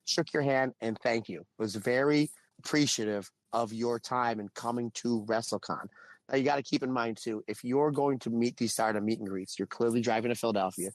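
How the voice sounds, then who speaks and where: A married man co-hosting a podcast, telling a long anecdote in casual chat and acting out the quotes with animated swings in voice. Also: medium pitch, brisk, no echo. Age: adult, married. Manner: animated storytelling with acted-out quotes. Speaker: podcast co-host.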